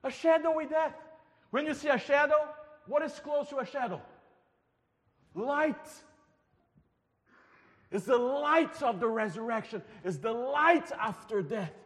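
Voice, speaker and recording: A man preaching a sermon, moving between loud declarations and hushed, near-whispered passages. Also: very high-pitched, lively intonation, a little slow, pauses often. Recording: long hall reverb.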